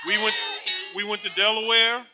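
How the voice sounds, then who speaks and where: An older man preaching a sermon, animated and laughing often, moving between shouted praise and quiet storytelling. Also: sits high, normal speed, soft background music, poor audio. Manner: laughs often while talking.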